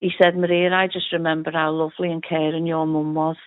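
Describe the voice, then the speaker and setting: A woman's voice: low-pitched, quick pace. Chatty Liverpool woman telling her story. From Liverpool, England. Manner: chatty, animated retelling with quoted dialogue. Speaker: interviewee. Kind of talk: personal storytelling in an interview. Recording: tinny phone-like audio.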